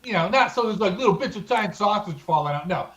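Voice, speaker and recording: This man co-hosts a casual podcast and his voice sits high for a man. The recording is slightly dull and muffled. He gets excited about the subject and stretches out his exclamations. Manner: excitable, relishing food talk with drawn-out exclamations. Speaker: podcast co-host. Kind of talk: casual chat.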